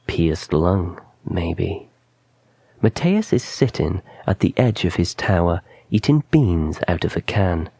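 A man reading a short story aloud as narrator, measured and hushed in its quiet moments. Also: low-pitched, creaky, slightly rough, no echo. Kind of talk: scripted narration.

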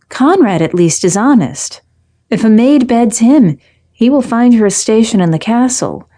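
A woman narrates a first-person fairy tale in a measured, reflective, literary way. She takes her time over every phrase, unhurried and deliberate. Her voice is mellow and warm. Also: mid-range voice.

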